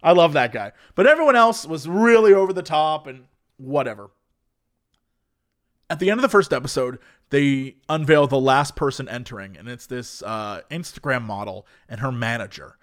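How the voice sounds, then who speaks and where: A man's voice: mid-range voice, lively intonation, normal speed. A man in casual chat, telling a story with lots of animation and acting out quotes.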